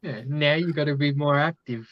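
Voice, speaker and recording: A man's voice: a little high, normal speed, no room sound. A man chatting casually in short, easygoing replies. The recording is dry and close, with a dull, muffled top end. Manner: brief agreeing replies. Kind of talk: casual chat.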